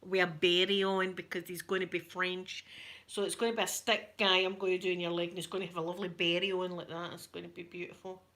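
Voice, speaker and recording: A middle-aged Scottish woman chatting casually with live viewers on an ASMR stream, giggly and rambling, often dropping to soft whispers. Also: on the low side, little pitch movement, fast talker. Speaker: ASMR creator.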